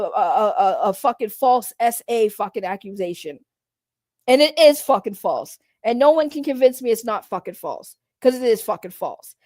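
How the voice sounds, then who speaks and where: A woman's voice: on the high side, a little mellow, no echo. A woman streamer ranting in casual commentary, heated and profane, repeating her points.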